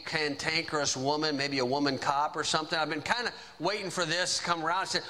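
A male preacher delivers a sermon in a folksy, chatty manner. His voice sits a little high and rings bright and forceful. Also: fairly even intonation, a little fast, hardly any pauses. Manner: folksy, conversational preaching with asides.

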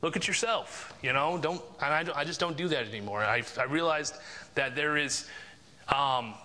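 A man's voice: moderate pace, bright, forceful tone, big-room sound. A man preaching a casual, conversational sermon, often ending lines with "right?" and "you know?". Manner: mimics mockers and coworkers in a higher voice.

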